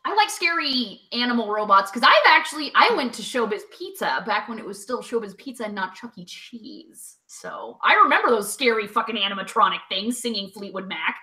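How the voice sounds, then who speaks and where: A woman's voice: on the high side, lively intonation, fairly quick, few pauses, bright, forceful tone. A woman co-hosting a comedy podcast, joking crudely and swearing freely in casual chat. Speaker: podcast co-host.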